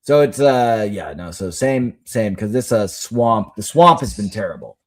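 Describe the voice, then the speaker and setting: Expressive American dad, lively pitch. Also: male voice, a little slow. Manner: expressive storyteller, swings high when quoting, laughs easily. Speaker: podcast co-host. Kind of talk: casual chat.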